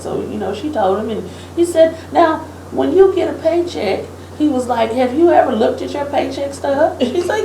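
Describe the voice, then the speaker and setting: A woman's voice: high-pitched, lively intonation, moderate pace, vocal fry, dark tone. A woman co-hosting a casual political chat, telling a story and acting out what others said, laughing often. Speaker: podcast co-host. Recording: echoey room with faint ambient hiss.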